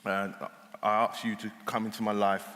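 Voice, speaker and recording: A man telling his story as an interview guest, casual and lively, acting out the voices of people in his tale. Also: lowish voice, moderate pace. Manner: casual speech with dropped words. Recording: long hall reverb in a church.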